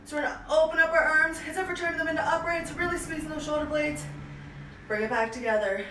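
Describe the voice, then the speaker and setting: A woman's voice: high-pitched, quick pace, noisy background. A young woman leading an online home workout, upbeat as she counts reps and cues each move, out of breath from exercising. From Canada. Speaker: fitness instructor. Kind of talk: live online workout class. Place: small room at home. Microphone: camera at a distance. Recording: echoey room, voice far from mic.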